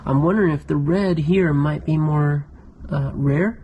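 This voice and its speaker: A man hosting a vlog who excitedly shows off his storage locker finds and thinks aloud as he goes, recorded on a camera inside a storage locker. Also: fairly high pitch, a little slow, lo-fi sound, a little hiss or hum. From United States. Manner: enthusiastic, thinks aloud, drops into whispers. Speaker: storage locker reseller and channel host. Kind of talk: casual vlog, excited show-and-tell of finds. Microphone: GoPro camera.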